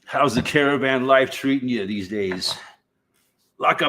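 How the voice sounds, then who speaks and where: Bright and forceful in a mid-range voice, a middle-aged American livestream host chats casually and aimlessly. He swears freely, laughs between thoughts, and talks in a slow, drawn-out manner.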